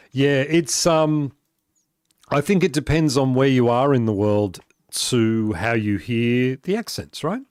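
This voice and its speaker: A man chatting easily through a live game stream, reading messages aloud and laughing often between tasks. His voice sits at an ordinary middle pitch. The sound is dry and close, with no room echo. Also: a little mellow. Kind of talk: casual live-stream chat while playing.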